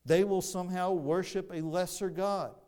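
A man preaching a sermon, explaining scripture in a measured way with frequent restarts. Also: high-pitched, fairly even intonation, a little mellow, smooth.

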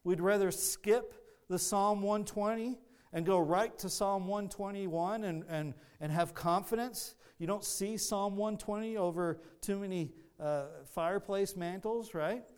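Earnest high-voiced male preacher. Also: unhurried, a little mellow, smooth. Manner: earnest, teaching with many restarts. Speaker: pastor. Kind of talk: sermon.

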